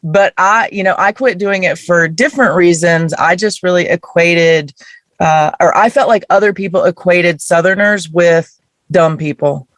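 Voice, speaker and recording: A woman's voice: on the low side, normal speed, no echo. A woman from the American South hosting a podcast, asking curious, considered questions. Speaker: podcast host. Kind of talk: interview conversation.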